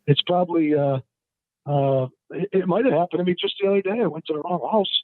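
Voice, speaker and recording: A man, a guest appraiser, telling stories in a casual interview, rambling with many fillers and restarts. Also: quick pace. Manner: acts out the people in his stories in a higher voice. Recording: dry, tinny phone line.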